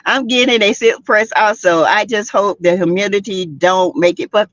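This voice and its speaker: An older woman with a Southern US accent hosts a casual gossip livestream, sassy and animated, laughing often and greeting viewers by name. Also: medium pitch, normal speed, hardly any pauses, no room sound. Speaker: host of a celebrity gossip livestream. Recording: dry, dull lo-fi webcam audio.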